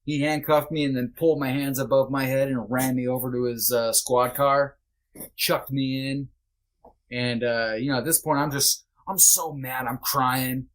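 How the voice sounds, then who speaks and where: On a podcast, a man recounts something personal, speaking frankly and casually with lots of fillers and the odd swear word. His voice is mid-range, his intonation fairly even, his pace moderate.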